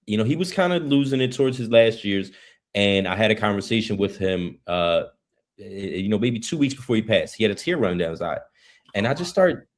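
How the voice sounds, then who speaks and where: A man's voice: on the low side, a little fast. A man speaking as an interview guest, earnest and open, in casual slang.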